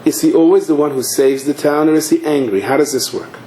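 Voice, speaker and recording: A man's voice: a little high, a little fast, dark tone, a little hiss or hum. A man, a rabbi, tells a story in a sermon and acts out its scenes with animation. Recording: echoey hall.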